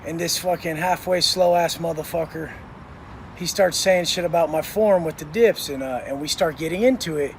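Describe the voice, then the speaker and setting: A man with a notably high voice tells prison stories in a blunt, intense monologue. He swears constantly and bites down hard on his words, and faint outdoor noise hums behind him. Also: moderate pace. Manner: intense, blunt and swearing heavily, acting out others' lines. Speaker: host telling prison stories. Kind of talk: profane storytelling monologue.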